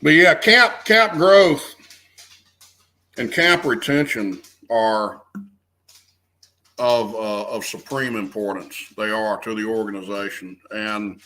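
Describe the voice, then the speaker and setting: A man's voice: fairly low pitch, sharp tone, a little hiss or hum, poor audio. A man, speaking earnestly as a guest and restarting phrases as he talks. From American South. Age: 50s. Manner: earnest, restarts phrases often, stresses key words. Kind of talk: conversational interview.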